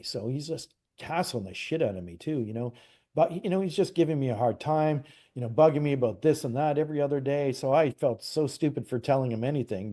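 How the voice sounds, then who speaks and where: A man from Canada, a psychic medium, casually telling a personal story as an interview guest, acting out quoted dialogue with lots of restarts. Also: medium pitch. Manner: animated retelling, acts out quoted dialogue, frequent "like" and restarts.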